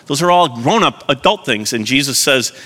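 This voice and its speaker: A man's voice: medium pitch, lively intonation, moderate pace, pushed and bright, in a large hall. A man preaching a sermon as pastor, earnest, putting direct questions to his congregation.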